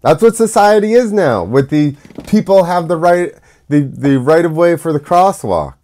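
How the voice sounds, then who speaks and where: A man's voice: fairly high pitch, animated, moderate pace, dark tone. A young man hosting his own show, talking casually in a sarcastic, ranting monologue that drifts off on tangents. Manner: sarcastic, mocking. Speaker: show host.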